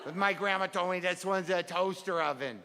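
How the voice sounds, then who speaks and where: A man's voice: high-pitched, normal speed. A man on a comedy stage voicing a small child earnestly reading a favorite picture book in a naive, sing-song way. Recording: reverberant live club with crowd noise. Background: audience laughter.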